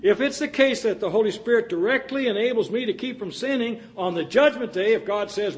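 Male preacher, earnest sermon delivery with homespun humor, voice a touch high. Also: fairly quick, few pauses. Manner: earnest with folksy jokes and asides.

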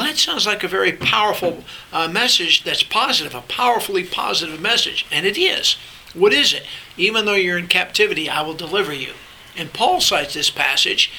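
An older man with a high, very bright voice walks through scripture in a relaxed sermon style. He explains things conversationally, with restarts along the way, over a faint hiss. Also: low-quality recording. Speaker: Bible teacher. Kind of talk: sermon-style Bible teaching.

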